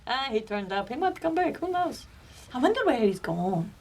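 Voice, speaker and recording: Lively woman player, New Zealand accent. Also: high-pitched. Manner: quick-witted, jokey. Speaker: tabletop game player. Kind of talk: in-character banter in a tabletop game.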